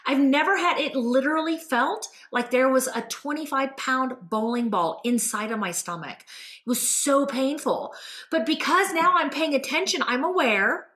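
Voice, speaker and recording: Woman host rambling through a personal story, bright sharp voice, kinda high, echoey room. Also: normal speed. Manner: animated, rambling with many fillers. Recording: roomy echo.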